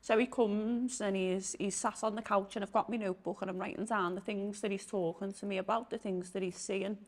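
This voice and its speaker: A woman's voice: mid-range voice, fairly even intonation, a little fast, a little mellow. A woman, a podcast guest who tells her stories casually and with animation, acting out the people in them. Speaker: podcast guest, spiritual practitioner. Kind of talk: casual storytelling in an interview.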